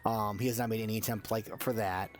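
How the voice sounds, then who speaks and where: A man narrating as game master in a casual, halting way with many fillers. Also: on the low side, fairly even intonation.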